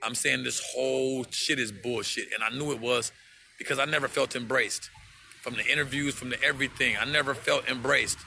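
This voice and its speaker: A man's voice: mid-range voice, steady tone, fairly quick, vocal fry, bright, forceful tone, slight background noise. A man on a livestream, speaking to his viewers in an impassioned, profane rant and repeating himself for emphasis.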